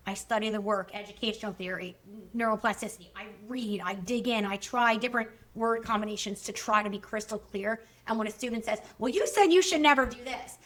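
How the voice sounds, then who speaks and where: A woman's voice: fairly high pitch, fairly bright tone. A woman hosting a solo podcast, talking frankly and reflectively, answering listener questions in a candid monologue. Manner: frank, self-reflective, swears casually. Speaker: podcast host.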